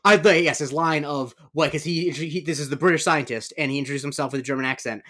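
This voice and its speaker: A man hosting a podcast, reviewing a film in casual chat and running through the cast with quick asides. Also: a little high, fairly even intonation, sharp tone. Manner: chatty, lists cast members with asides. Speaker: podcast host.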